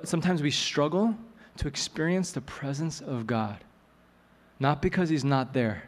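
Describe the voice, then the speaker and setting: Conversational pastor in a hall. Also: male voice, mid-range voice. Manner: conversational, joking asides. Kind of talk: sermon with storytelling. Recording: long hall reverb, soft music.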